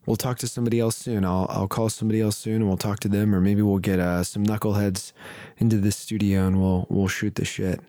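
A man's voice: on the low side, flat delivery, fairly quick, dark tone, no echo, studio quality. A man hosting a podcast, wrapping up in a loose, rambling, casual way. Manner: rambling, loose, many fillers and restarts. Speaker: podcast host. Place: studio.

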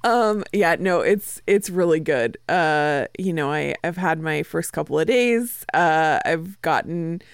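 A woman from Washington state co-hosts a podcast, chatting in an easygoing way with plenty of fillers. Her voice sits fairly low for a woman, and the sound is dry and close. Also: measured pace, few pauses, clear, resonant tone, dry recording. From Washington state, USA. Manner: relaxed, chatty, many fillers. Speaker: podcast co-host. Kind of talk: casual chat.

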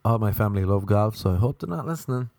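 A young man with an Irish accent doing a stand-up routine, lively, with sudden leaps up in pitch for his bits. His voice sits at a medium pitch. The sound is dry and close, with little room echo. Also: fast talker, creaky. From Ireland. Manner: animated, jumping to high pitch when acting out others. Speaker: comedian. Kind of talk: stand-up comedy monologue.

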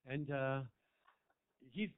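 A stand-up comedian from Marin County, California speaks extremely slowly in a mid-range, clear, resonant voice. In a small club he does a crude, camp set, rambling through a story with asides to the crowd, captured in a tinny, phone-like live recording.

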